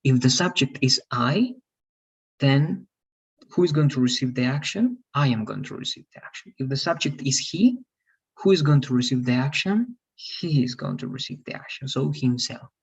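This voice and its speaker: A male English teacher guides a student through grammar in a patient, questioning way. His voice is lively in pitch but husky, and it sounds distant and dull, as if caught by a lo-fi mic some way off. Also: moderate pace. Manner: patient, explains step by step with questions. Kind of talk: online class lesson.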